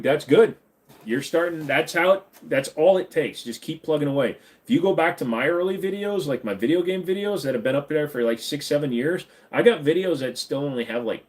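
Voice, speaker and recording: A man chats casually on a livestream from his home computer room, reading viewers' questions aloud and answering them. His voice sits at an average pitch, and he rambles, jokes and drifts between topics in a loose, offhand way. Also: darkish tone. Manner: rambling, jokey, reads and answers chat questions. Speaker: livestream host answering chat.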